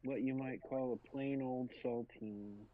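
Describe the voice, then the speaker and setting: A man's voice: medium pitch, fairly even intonation, a little slow, slight background noise. A man bantering casually as a game player, making dry self-deprecating jokes. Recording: tinny phone-like call line.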